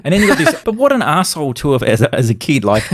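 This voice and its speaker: A man's voice: on the high side, huge pitch swings, fast talker. A man co-hosting a podcast, ranting in casual chat with exasperation and swearing. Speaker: podcast co-host.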